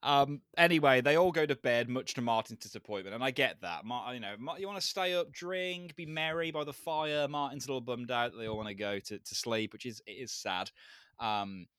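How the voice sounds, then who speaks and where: A man's voice: medium pitch, a little fast, a bit bright, clean tone, no echo. Chatty man, dry close sound. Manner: amused, recaps scenes with a chuckle. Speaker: podcast co-host. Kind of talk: casual chat.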